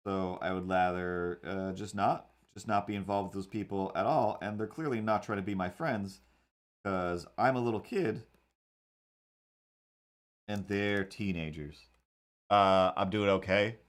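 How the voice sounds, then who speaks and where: A man's voice: low-pitched, unhurried, pauses often. A man in casual talk, drawing on a live stream and telling a long personal story with many fillers and restarts. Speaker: webcomic artist streaming.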